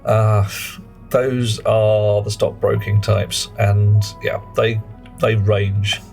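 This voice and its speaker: Male streamer, rambling and self-mocking, low register. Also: level tone, drawn-out words, creaky, a little mellow, soft background music. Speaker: game streamer. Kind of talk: live gameplay commentary and chat.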